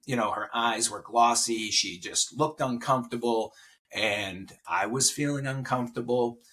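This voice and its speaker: Male podcast guest in his 40s, heartfelt storyteller, bright forward tone. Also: medium pitch, normal speed, slight background noise. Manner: emotional storytelling. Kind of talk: casual interview chat.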